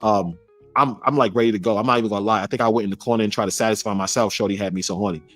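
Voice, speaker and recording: Dude rattling off a story in slang, super quick, acts out the quotes. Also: male voice, fairly low pitch, fairly even intonation, a bit bright, faint music behind. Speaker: interviewee in a played clip. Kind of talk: casual storytelling.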